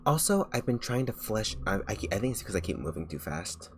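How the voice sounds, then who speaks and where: A man's voice: lowish voice, big pitch swings, a little fast, slight background noise. A young man streaming as a vtuber, chatting casually while he draws, rambling with lots of filler words and restarts.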